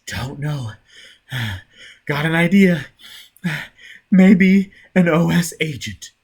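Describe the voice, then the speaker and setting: A man's voice: on the high side, animated, drawn-out words, breathy edge, pitched above the performer's own voice, heavily acted. A man doing a panicked, howling messenger. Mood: out of breath. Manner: frantic shouting, gasping short phrases. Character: frantic, panicked young male messenger.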